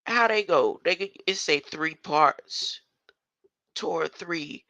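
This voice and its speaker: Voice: medium pitch, slow, bright, forceful tone, no echo. An older speaker in a rambling solo monologue who reads scripture verses aloud, argues with them, laughs often and keeps asking "huh?". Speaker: self-styled scripture commentator.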